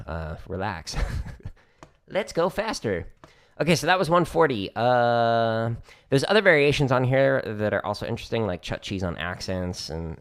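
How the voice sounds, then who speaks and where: A man casually explaining drum exercises on his practice livestream, chatty and joking as he goes. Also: lowish voice.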